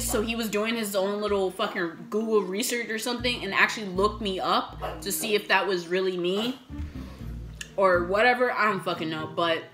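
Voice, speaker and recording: Eating on camera, a young woman vlogger tells a storytime with lots of energy and frequent swearing, dramatizing the messages sent to her. Her pitch sits in the middle.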